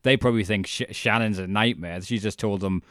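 A man's voice: on the low side, brisk, no room sound, studio quality. A man co-hosting a casual podcast, retelling a documentary and acting out the quotes with frequent laughter. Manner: animated storyteller, acts out quotes, laughs often.

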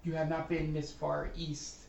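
A man's voice: on the high side, monotone, unhurried, vocal fry, a little mellow, roomy sound, far from the mic, a little hiss or hum. A man narrating as game master of a tabletop game, describing scenes hesitantly with many ums.

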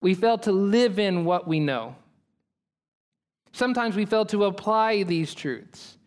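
A man's voice: high-pitched, animated, slow pace. A man preaching a sermon as pastor, earnest and emphatic, building on repeated phrases.

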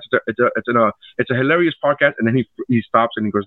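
A comedian co-hosting a casual podcast tells animated stories, swearing often and acting out what other people said. His medium-pitched voice moves fast with few pauses, and the recording is dry and tinny, like a phone, with no room sound.

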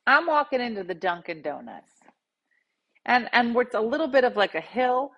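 A woman host casually telling a funny story, jumping into loud quoted voices. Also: fairly high pitch, big pitch swings, normal speed, lo-fi sound. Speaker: podcast host.

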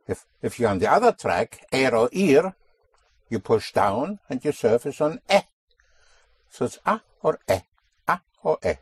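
Man, language teacher, slow deliberate delivery, repetitive drilling, slightly husky. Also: medium pitch, sing-song, dry recording. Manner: slow, deliberate, repeats key sounds. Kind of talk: spoken language lesson with a student.

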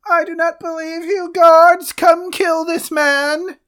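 A man voicing a superstitious man from the distant past, high and shrieking in outrage. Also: a little slow, fairly bright tone. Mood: indignant.

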